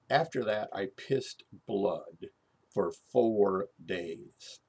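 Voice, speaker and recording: A middle-aged man recounts a personal story in a loose, rambling way, circling back with asides. His voice is gravelly and slightly husky. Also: on the low side, drawn-out words, a little mellow. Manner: rambling, conversational, full of asides and fillers.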